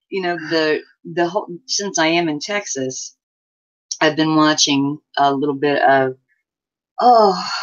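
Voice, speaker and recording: A man chatting casually as a fellow channel host, quick and laughing easily. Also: on the high side, a bit bright, muffled recording. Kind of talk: casual chat.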